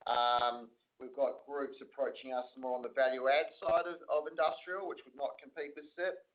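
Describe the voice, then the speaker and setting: A man's voice: mid-range voice, level tone, normal speed. A male company executive answering analyst questions on an earnings call, in loose, filler-heavy talk. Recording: phone-line audio.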